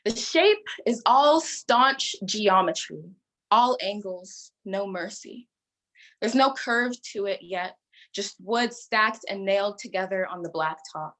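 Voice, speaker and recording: A teenage girl performing spoken-word poetry at a youth slam. She reads unhurriedly and deliberately, letting each phrase sit, at a mid-range pitch. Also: animated, fairly bright tone, low-quality recording. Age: teens. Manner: slow, deliberate delivery.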